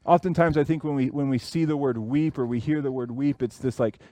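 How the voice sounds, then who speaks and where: A man's voice: mid-range voice, mellow, no echo. A man in his thirties preaching a sermon, earnest and repeating phrases for emphasis. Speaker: pastor.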